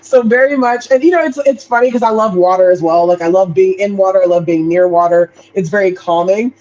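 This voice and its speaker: A woman's voice: mid-range voice, a little fast, darkish tone, lo-fi sound. A woman co-hosting a podcast in casual chat, laid-back and rambling with frequent fillers and easy laughter. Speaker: podcast co-host.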